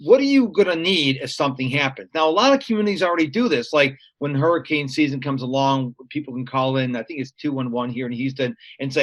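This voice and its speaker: A man's voice: mid-range voice, animated, quick pace, few pauses, a bit bright. A man being interviewed, sharing practical stories and advice in an earnest, conversational way. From United States. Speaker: guest.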